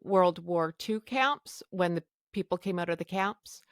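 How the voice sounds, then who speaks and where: A woman's voice: on the low side, unhurried, no echo, clean studio sound. A woman podcast host candidly telling a personal story in a blunt, self-mocking way.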